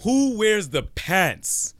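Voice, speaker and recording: A man's voice: sits high, big pitch swings, extremely slow, a bit bright, dry recording. A man with a Canadian accent hosting a casual podcast, joking with his co-hosts and laughing often. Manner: laughing, joking, self-mocking. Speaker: podcast host.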